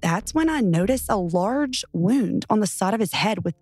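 A woman's voice: mid-range voice, lively intonation, normal speed, a little mellow, breathy edge, soft background music. Woman narrating a true horror story.

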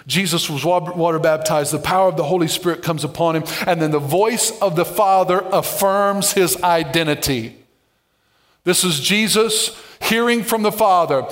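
A man preaching a sermon as pastor to a congregation, playful and dynamic, moving between soft asides and shouted emphasis. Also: sits high, moderate pace. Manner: playful, with humorous asides and call-outs to the congregation.

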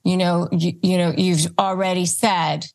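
A woman host delivers advice at a very unhurried, measured pace, with a voice sitting a little low. She walks through numbered steps with firm emphasis and acts out calm, knowing replies. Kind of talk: instructional advice talk.

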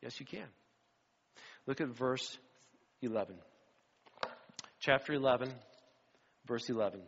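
A middle-aged man preaching a sermon as pastor, animated storyteller who acts out the voices of the people in his stories. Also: medium pitch, unhurried, creaky, husky. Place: church sanctuary. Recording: dull sound with long hall reverb.

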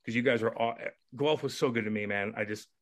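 A man, a former hockey player, telling a story as a guest on a podcast in a casual, animated way, swearing and acting out the voices in his story. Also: medium pitch, brisk.

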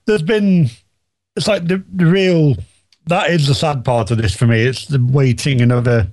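Man, podcast co-host, skeptical, fairly high voice, dry sound. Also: moderate pace, a little mellow, no room sound. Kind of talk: casual chat.

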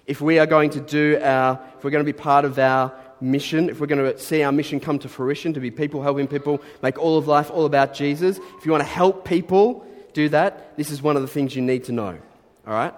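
Earnest preacher in a reverberant hall. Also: male voice, fairly high pitch, a little fast. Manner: earnest, conversational preaching with rising emphatic bursts. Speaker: pastor. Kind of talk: sermon.

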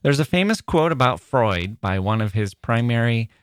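A man's voice: mid-range voice, big pitch swings, normal speed, clean tone, no echo, clean studio sound. A man hosting a conversational literature podcast, telling stories wryly with digressive asides. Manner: wry, digressive storytelling with asides. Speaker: podcast host.

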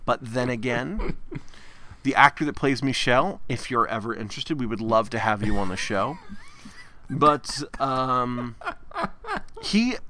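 Rambling bright-voiced man. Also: mid-range voice, animated, a little slow, pauses often. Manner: rambling, self-interrupting, laughs often. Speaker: podcast co-host. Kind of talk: casual chat.

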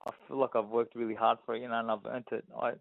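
A man's voice: mid-range voice, rapid-fire, creaky, dry recording. Australian man telling stories over a tinny line. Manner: animated storyteller, frequent "you know what I mean". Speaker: guest boxer. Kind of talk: casual interview storytelling. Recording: dry tinny phone-like sound.

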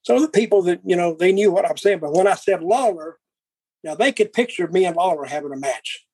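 A man's voice: high-pitched, animated, fairly quick, a little mellow, husky, no echo, low-quality recording. An older man telling blunt, profane stories and acting out old arguments. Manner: profane, blunt, acts out quarrels in dialogue. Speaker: guest. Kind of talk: casual storytelling.

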